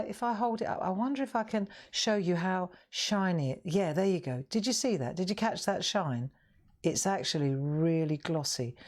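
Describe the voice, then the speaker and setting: Woman, deep voice, encouraging, live colouring tutorial host. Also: darkish tone. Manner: chatty, encouraging, talks straight to viewers. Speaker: craft show host.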